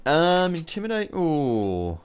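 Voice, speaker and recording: A man's voice: a little high, huge pitch swings, slow pace. A man with an Australian accent narrating as game master, with frequent ums and restarts.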